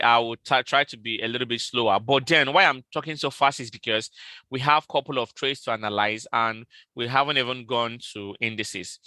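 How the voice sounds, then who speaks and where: A man hosting a live trading stream, repeating his trade calls and price levels slowly and talking straight to his viewers. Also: mid-range voice, sharp tone, clean tone, no room sound. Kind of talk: live market analysis stream.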